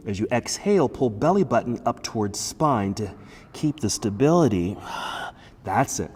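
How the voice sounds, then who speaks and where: A man leading a guided yoga class, giving calm, encouraging cues about posture and breathing. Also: medium pitch, unhurried, breathy edge, in a large hall. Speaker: yoga instructor. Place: yoga studio.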